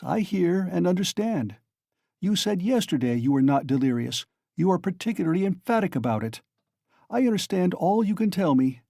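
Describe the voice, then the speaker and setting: A man's voice: a little high, warm tone, no echo, studio quality. A man reading aloud and voicing a sly, genial male magistrate who coaxes and teases with mock friendliness. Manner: coaxing, insinuating, mock-friendly.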